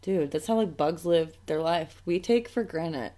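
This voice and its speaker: A woman's voice: sits low, measured pace, mellow. Chatty woman podcast co-host. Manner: chatty, playful, riffs on the story. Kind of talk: casual chat.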